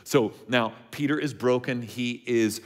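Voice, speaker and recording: Animated man preaching a conversational sermon. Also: a little slow. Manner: conversational and animated, checks in with listeners; acts out quotes with lively shifts in pitch. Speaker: pastor.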